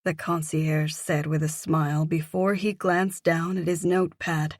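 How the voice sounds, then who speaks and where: A woman reads a first-person audiobook with gentle, expressive storytelling. Her pitch sits a little low and her pace is slow and measured. The recording is close and dry, with no room sound. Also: no room sound. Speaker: audiobook narrator. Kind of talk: scripted first-person narration.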